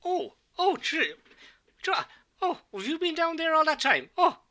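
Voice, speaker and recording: A flustered old priest, as a man puts him on at a game table, stammering and fussing over everyone. The voice is pushed high and bright. He repeats himself in a worried rush. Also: big pitch swings, measured pace, exaggerated voice.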